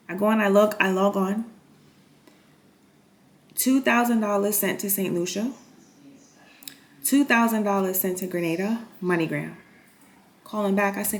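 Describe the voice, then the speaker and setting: A woman's voice: medium pitch, moderate pace, long pauses. A woman candidly retelling a painful personal story in a vlog, emotional and dramatic. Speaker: nurse telling a personal story.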